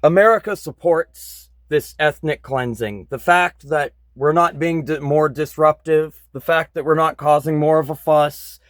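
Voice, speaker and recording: Slow-talking, angry man ranting. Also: on the high side, no room sound. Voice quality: blunt, frequent swearing, bitter. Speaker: vlogger. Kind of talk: angry political rant.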